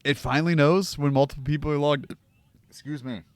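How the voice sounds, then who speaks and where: A man's voice: a little high, steady tone, a little fast, clear, resonant tone, no echo. A young man from the United States hosting a casual watch-along stream, ranting and rambling with plenty of swearing. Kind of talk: casual livestream chat. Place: home room.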